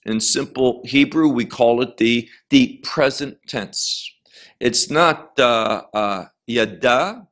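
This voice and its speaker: A man giving a Bible lecture as its teacher, stressing key words slowly and emphatically, often restarting and repeating words as he explains. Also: mid-range voice, fairly bright tone.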